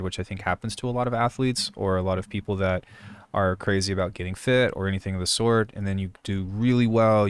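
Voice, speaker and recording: A man in his thirties co-hosting a casual podcast as a martial arts instructor, soft-spoken and measured. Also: low voice, smooth, dry recording. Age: 30s.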